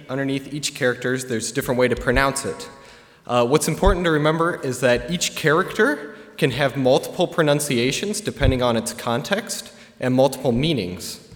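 A young man giving a relaxed, chatty presentation to a live audience, with plenty of filler words. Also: mid-range voice. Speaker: student presenter. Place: large hall with an audience. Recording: long hall reverb.

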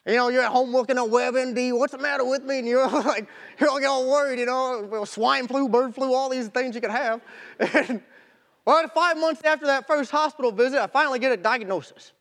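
A young man, a marathon runner, telling a personal story in an animated, folksy way with casual grammar. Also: very high voice, brisk. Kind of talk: storytelling talk.

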